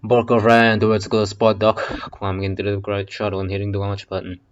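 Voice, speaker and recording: A man's voice: fairly low pitch, completely flat delivery, fairly quick, clean tone, highs cut off. A man reading an audiobook casually in a basement, breaking off for swearing, joking asides. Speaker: audiobook reader.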